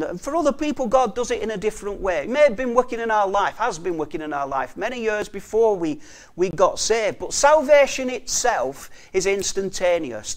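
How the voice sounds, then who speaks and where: High-voiced, earnest male preacher. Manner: earnest, repeats for emphasis, often trails off softly. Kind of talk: sermon.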